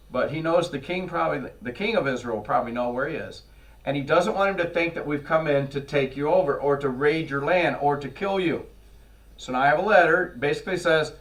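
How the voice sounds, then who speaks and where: A man preaching a sermon in a church, telling scripture stories in a lively way and acting out the characters. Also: mid-range voice. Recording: voice from far off the mic.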